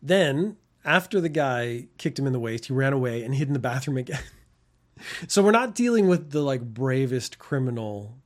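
A man's voice: mid-range voice, expressive, moderate pace. A man in his fifties giving casual commentary on news stories, wry and rambling, laughing at his own tangents. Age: 50s.

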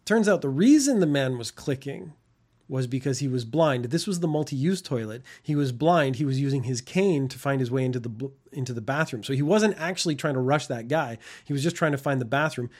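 A man's voice: medium pitch, lively intonation, a little fast, a little mellow. A man in his fifties giving casual commentary on news stories, wry and rambling, laughing at his own tangents. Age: 50s.

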